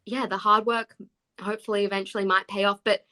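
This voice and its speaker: A woman in her twenties, a guest actor chatting on a podcast and telling animated stories with frequent laughs. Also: mid-range voice, fast. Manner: animated storyteller, laughs often. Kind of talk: casual podcast chat.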